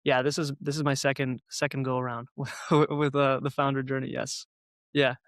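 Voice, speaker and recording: A man's voice: medium pitch, little pitch movement, normal speed, a bit bright, dry recording. A man from North Dakota, a podcast guest who talks in loose, rambling sentences. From North Dakota, USA. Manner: rambling, many fillers and restarts. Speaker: guest, co-founder and software engineer. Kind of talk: casual podcast conversation.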